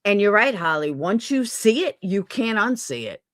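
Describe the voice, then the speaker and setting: Angry and swearing, a woman on a livestream rants over and over about what's bothering her. She speaks at normal speed in a medium pitch that swings widely, and there's no room sound.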